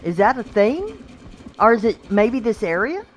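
A gameplay video creator gives casual let's-play commentary, talking slowly in a fairly high voice. She's an excitable gamer who exclaims a lot and talks to her pets in the game. Soft music plays in the background, along with faint background noise.

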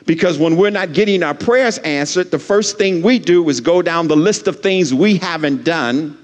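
In a church sanctuary, a male pastor delivers a sermon full of repetition and call-and-response lines for the congregation. His voice is fairly high and moves at a normal pace, and the recording carries the long reverb of a church hall.

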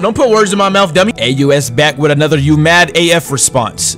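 A gaming streamer with a slightly high, bright voice hosts his channel with heated, ranting commentary on his matches. He's sarcastic and swears a lot while mocking his opponents.

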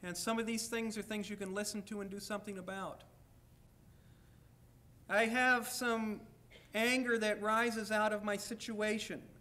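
A man's voice: high voice, level tone, a little slow, sharp tone. A man giving a university lecture, speaking candidly in the first person and at times reading aloud from his own writing.

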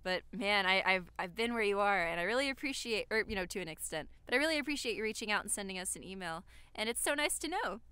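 A woman's voice: mid-range voice, animated, fast, hardly any pauses, sharp tone, smooth, no echo. A woman from Alabama co-hosting a podcast, giving earnest, rambling advice with lots of "like" fillers. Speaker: podcast co-host. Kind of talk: casual advice chat.

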